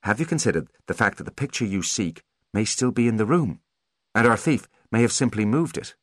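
A man voicing a calm, self-assured teenage boy genius in an audiobook, dry in tone. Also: fairly low pitch, a little fast, no echo, pitched above the performer's own voice. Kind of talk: audiobook character voice.

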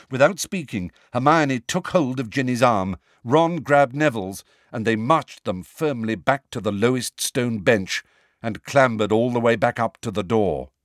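A man narrating a storybook in a hushed, suspenseful way. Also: medium pitch, no room sound, clean studio sound. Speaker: audiobook narrator.

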